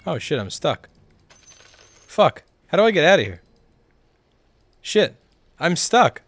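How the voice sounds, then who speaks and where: A man's voice: a little high, sing-song, takes it slowly, a bit bright, husky. A man casually commenting live on his video game, swearing often, ranting in frustration and answering his chat. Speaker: livestreamer playing a video game. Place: at a computer while streaming.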